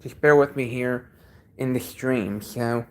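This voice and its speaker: Hosting his own stream from a basement, this man talks casually with a medium pitch and fairly even intonation. His congested voice stops and starts, and he says every sentence twice.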